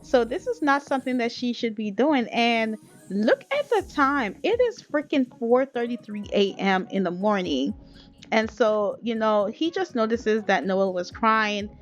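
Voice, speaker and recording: A woman's voice: fairly high pitch, lively intonation, a little slow, faint music behind. A young woman narrating a life-sim game in casual let's-play style, chatty and playful, laughing and talking straight to her viewers. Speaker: gaming video creator.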